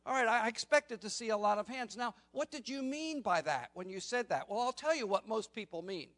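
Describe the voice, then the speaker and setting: High-voiced male pastor preaching emphatically. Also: expressive, a little fast, fairly bright tone. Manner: emphatic, asks the congregation rhetorical questions. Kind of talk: sermon. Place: church sanctuary during a morning service.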